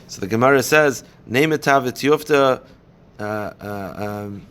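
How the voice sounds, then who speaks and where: A man's voice: medium pitch, a bit bright, clean tone. Male rabbi in a mid-range voice who leads a Talmud class, walks through each point and keeps asking and answering his own questions. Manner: explains step by step, poses and answers questions; reads Aramaic passages quickly, then translates.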